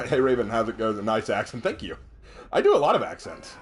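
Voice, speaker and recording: A man streaming gameplay, reading chat aloud and thinking out loud as he plays, chatty and quick to laugh. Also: lowish voice, soft background music. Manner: chatty, excitable, laughs often, talks to himself. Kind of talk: live gameplay commentary.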